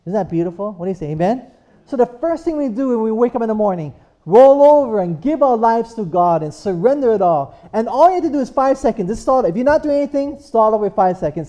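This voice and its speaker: Mellow-voiced preacher calling for amens. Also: medium pitch, lively intonation, fast talker, muffled recording. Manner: repetitive, rhetorical, calls for amens. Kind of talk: sermon.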